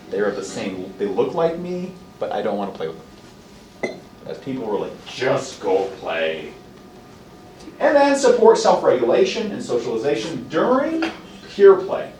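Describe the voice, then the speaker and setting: A man lecturing a college class, his voice rising and falling a lot as he acts out little examples. He sits a bit higher than most men. The sound is roomy and a little distant, with a faint hiss behind him. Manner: reads items from a list then explains with lively acted-out examples. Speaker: college instructor. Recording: echoey room, mic at a distance, faint background noise.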